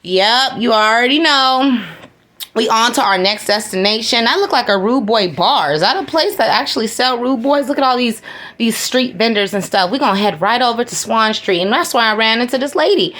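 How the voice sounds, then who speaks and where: A woman's voice: fairly high pitch, expressive, moderate pace, fairly bright tone. A woman from the United States narrating a casual travel vlog, chatty and playful, with slangy asides to her viewers. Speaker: travel vlogger.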